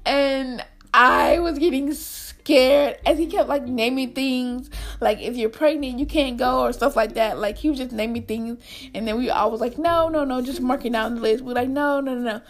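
A young woman casually telling a storytime to her viewers, animated and repetitive, acting out the people in it. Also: moderate pace. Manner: animated, repeats herself, acts out quotes in squeaky voice. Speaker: storyteller vlogger.

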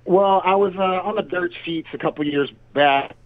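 A man from Portland, Oregon, chatting with a talk show as a first-time caller in a relaxed, slangy way over a phone line. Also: high voice, moderate pace, no room sound.

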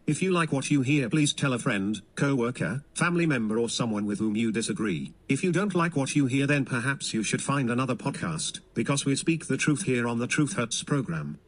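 A man reads a scripted disclaimer at the end of a podcast. He keeps a firm, matter-of-fact tone at a mid-range pitch. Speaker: announcer.

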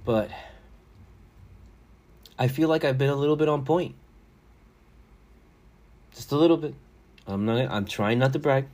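A man's voice: medium pitch, unhurried, long pauses, a little mellow. A man hosting a casual solo podcast, rambling and joking with frequent swearing. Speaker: podcast host.

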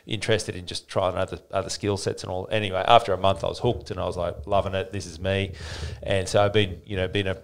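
A deep-voiced man in his forties, chatting as a podcast guest. He tells stories in a rambling, lively way, restarting his sentences often. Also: fast talker, vocal fry, few pauses. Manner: rambling, animated storyteller with frequent restarts. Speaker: podcast guest, fitness business owner. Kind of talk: casual interview storytelling.

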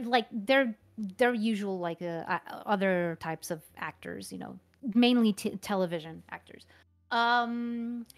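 Woman in casual chat, kinda high voice, halting, keeps restarting her sentences. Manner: halting, often restarts and repeats phrases. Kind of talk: casual conversation.

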